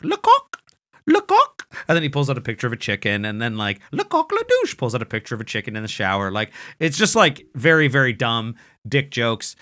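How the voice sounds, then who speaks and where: A man's voice: fairly low pitch, pushed and bright. A man hosting a comedy podcast, telling a long rambling story in casual chat with frequent "um"s and restarts. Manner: rambling, lots of fillers and restarts. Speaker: podcast host.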